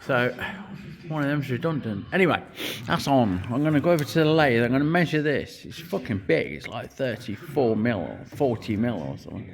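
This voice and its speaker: A man's voice: mid-range voice, animated, brisk, vocal fry. A middle-aged man, giving a muttered, swearing running commentary as he works in a cold workshop. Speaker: custom motorcycle builder.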